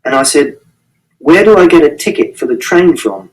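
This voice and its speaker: A man's voice: a little high, lively intonation, normal speed. A man reading a first-person novel aloud in an earnest, literal, matter-of-fact way. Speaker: reader. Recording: distant mic.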